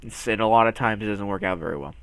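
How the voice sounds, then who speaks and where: A man's voice: lowish voice, steady tone, fast, smooth, dry recording. A young man rambling through a casual video, goofy and self-mocking, often stumbling and restarting his words. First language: English. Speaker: video host.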